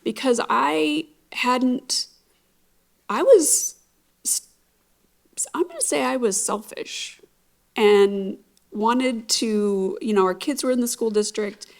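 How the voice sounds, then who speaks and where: A middle-aged woman recounting a hard time in her marriage, halting and reflective, with many pauses. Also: fairly high pitch, animated, gravelly. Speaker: conference guest speaker. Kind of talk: personal testimony.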